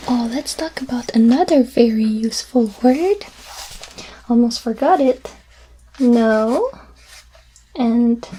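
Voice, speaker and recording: A woman in a whispered role-play as a French teacher, soft-spoken and patient, repeating each word slowly. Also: on the high side, a little hiss or hum.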